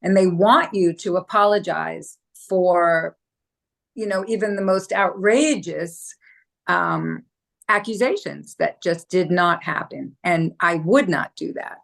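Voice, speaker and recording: Woman guest with a gravelly, fairly low voice who hesitates a lot as she speaks. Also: slow pace, fairly bright tone. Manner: hesitant, many "um"s. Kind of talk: casual discussion.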